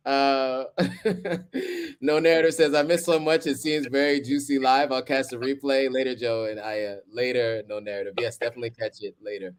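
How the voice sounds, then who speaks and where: A man's voice: medium pitch, level tone, normal speed, smooth. A man in his thirties hosting a live stream, chatting casually with lots of ums and easy laughter. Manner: laid-back, chuckling, many ums.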